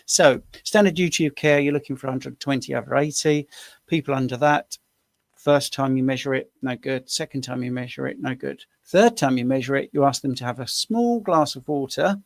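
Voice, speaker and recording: Gravelly man in his sixties, rambling. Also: mid-range voice, brisk, dry recording, clean studio sound. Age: 60s. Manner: rambling, anecdotal explainer with many restarts. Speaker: co-host answering questions. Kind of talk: casual live Q&A chat.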